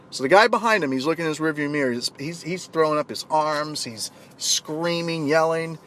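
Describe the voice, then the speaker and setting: A man telling a motivational story in an animated way, acting out the shouting voices of the people in it. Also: on the high side, brisk, few pauses. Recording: clear traffic noise.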